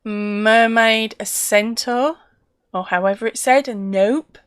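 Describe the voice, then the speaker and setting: A woman's voice: on the high side, takes it slowly, dry recording, studio quality. A woman hosting a casual live stream, chatty and laughing often as she reads out viewer comments.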